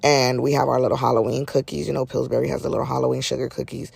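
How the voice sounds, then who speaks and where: A woman's voice: rumbling low, flat delivery, rapid-fire, vocal fry, a little mellow, slightly rough. A middle-aged woman hosting a solo podcast in casual, chatty talk, her nose a little stuffy, with folksy asides. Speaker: podcast host.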